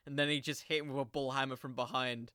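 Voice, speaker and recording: A man's voice: medium pitch, fairly even intonation, fast talker, sharp tone, dry recording, studio quality. A young man hosting a podcast, talking in a casual, rambling monologue that keeps drifting onto tangents. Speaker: podcast host.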